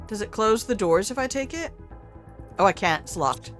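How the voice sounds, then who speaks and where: A woman's voice: medium pitch, expressive, normal speed, faint music behind. An older woman chatting casually as she streams a video game. She talks back to the game and swears offhandedly. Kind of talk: casual live-stream gameplay commentary.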